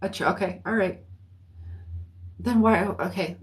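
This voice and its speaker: A woman giving a psychic reading on a live stream, thinking aloud with many restarts and often clearing her throat. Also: mid-range voice, a little slow. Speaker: psychic reader. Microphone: phone or computer mic on a live stream.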